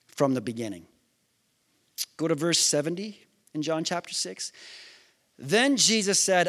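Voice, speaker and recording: High-voiced man preaching a casual sermon. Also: a bit bright. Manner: conversational, asks the listeners questions, acts out scripture quotes. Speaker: pastor.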